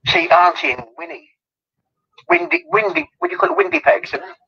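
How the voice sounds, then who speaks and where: A man's voice: very high-pitched, fairly even intonation, brisk, creaky. A man, a guest telling rambling, giggly anecdotes in a casual interview, over muffled call audio. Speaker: guest, celebrity lookalike.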